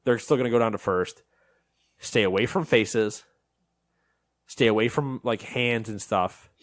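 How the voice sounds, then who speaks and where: A man with a low voice co-hosts a relaxed podcast chat and tells a story with plenty of animation, slipping into the voices of the people he quotes. The sound is dry and close, with no room echo. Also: measured pace. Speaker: podcast co-host. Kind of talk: casual chat.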